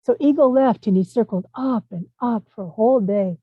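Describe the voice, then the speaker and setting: A woman telling a traditional animal tale aloud, lively and rising for the exciting parts. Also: fairly high pitch, normal speed, breathy edge, dry recording. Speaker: storyteller. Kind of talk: oral storytelling. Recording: tinny phone-like line.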